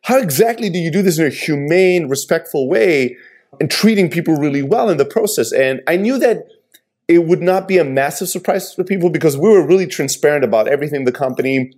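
A man's voice: a little high, lively intonation, fairly quick, a little mellow. A man, an entrepreneur, speaking earnestly and reflectively in casual conversation.

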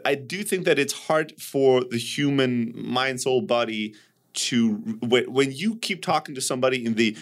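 A man in a casual podcast conversation, talking in an animated way and swearing when he gets emphatic. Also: medium pitch, normal speed.

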